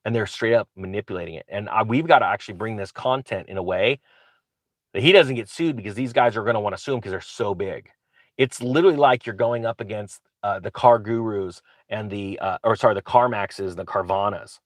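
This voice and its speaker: A low-pitched man talks to camera like a channel host, eager and rambling, often stopping to restart his sentences. The sound is close and dry, with no room echo. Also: brisk. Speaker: real estate investor and channel host. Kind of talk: casual talk to camera.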